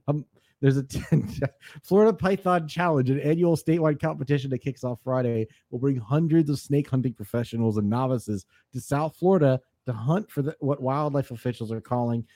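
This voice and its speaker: A man's voice: mid-range voice, normal speed, dark tone, dry recording. A man co-hosting a comedy podcast, reading out odd news items in a matter-of-fact way and often laughing as he reads. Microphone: studio microphone.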